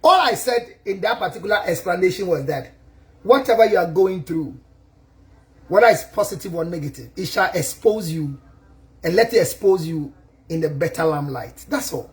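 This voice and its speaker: High-voiced emphatic man giving a speech. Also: expressive, normal speed. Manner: emphatic, switches between languages, laughs at his own jokes. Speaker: counselor. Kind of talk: thank-you speech and advice talk.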